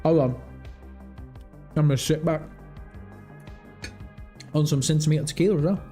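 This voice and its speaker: A man hosting a casual gaming livestream, thinking out loud and reading chat messages and search results. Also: on the high side, moderate pace, faint music behind.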